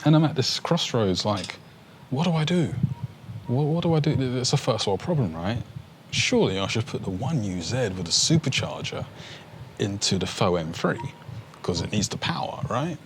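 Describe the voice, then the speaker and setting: A man vlogging casually to camera, rambling and excitable, with frequent restarts and mild swearing. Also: medium pitch, normal speed, a little hiss or hum. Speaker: car enthusiast vlogger.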